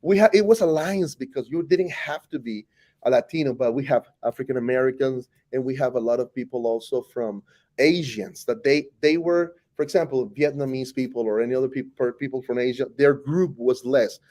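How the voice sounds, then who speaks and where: In a laid-back interview, a Spanish-speaking teacher from Costa Rica, a man in his forties, talks fairly quickly in a medium-pitched voice with a Costa Rican accent. He's lively and full of jokes, often breaking off to restart what he's saying.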